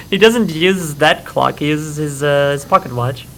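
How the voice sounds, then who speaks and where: A streamer chatting casually during a live watch-along, relaxed and amused while recapping the plot. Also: medium pitch, a little slow, slight background noise. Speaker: streamer co-host.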